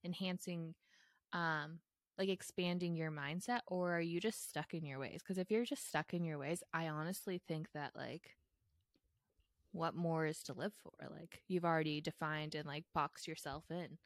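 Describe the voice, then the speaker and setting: A woman's voice: low voice, steady tone, moderate pace, dry recording, clean studio sound. A young woman co-hosting a podcast, chatting casually and reflectively with plenty of fillers and easy laughter. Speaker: podcast co-host. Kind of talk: casual chat.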